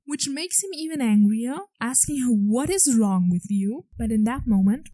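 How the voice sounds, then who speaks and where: An excited woman podcast host chats her way through an episode recap, sprinkling in "like" as she goes. Her voice is mellow and warm rather than bright. The sound is dry and close, with no room around it. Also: on the high side, no echo, rough recording. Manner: chatty, excited, lots of "like".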